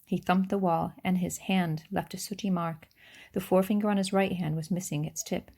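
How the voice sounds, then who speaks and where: Low, gravelly woman reading a story aloud. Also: fairly even intonation, normal speed, dark tone. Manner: unpolished reading with small slips and restarts. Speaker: reader. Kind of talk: reading a children's novel aloud.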